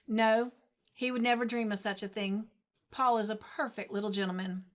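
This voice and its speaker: A woman's voice: a little high, fairly even intonation, moderate pace, close to an everyday voice. A woman reading a storybook aloud, voicing an earnest young woman schoolteacher who is kindly but firm.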